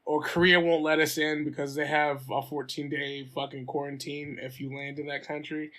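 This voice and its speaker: An American man in casual podcast chat, loud and animated, swearing constantly as he tells stories. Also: a little high, moderate pace. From United States.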